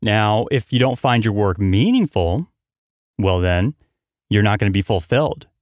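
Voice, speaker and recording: A man's voice: fairly low pitch, normal speed, a little mellow, no room sound, clean studio sound. A man hosting a motivational podcast, talking energetically and emphatically, hammering points through repetition. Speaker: podcast host.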